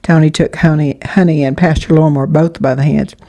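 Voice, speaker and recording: A woman narrating an audiobook in a plain, even reading voice. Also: deep voice, brisk. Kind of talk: storybook narration.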